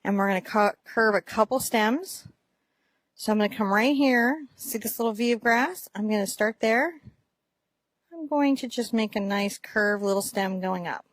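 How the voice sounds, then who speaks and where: A woman teaching a painting lesson in a gentle, encouraging way, describing each brushstroke as she works. Her voice sits at a middle pitch and is recorded dry and close, with no room sound. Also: normal speed, dry recording. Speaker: art teacher.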